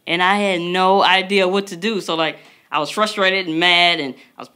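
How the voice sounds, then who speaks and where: A woman in her thirties co-hosting a casual parenting podcast, telling stories in an animated way and acting out the voices of others. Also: lowish voice, normal speed. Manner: animated storytelling, acts out quotes. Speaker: podcast co-host. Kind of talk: casual chat.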